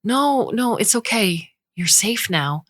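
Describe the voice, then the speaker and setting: A woman voicing a gentle robot stand-in for a loving mother, speaking softly and partly in a whisper. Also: medium pitch, lively intonation, takes it slowly, no room sound, clean studio sound, voice pushed up. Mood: tender. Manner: soft, tender, partly whispered.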